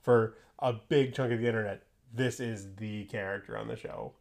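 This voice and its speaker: A man's voice: fairly low pitch, steady tone, moderate pace, vocal fry, darkish tone. Chatty man co-hosting. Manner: chatty, many fillers and restarts. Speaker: podcast co-host. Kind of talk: casual chat.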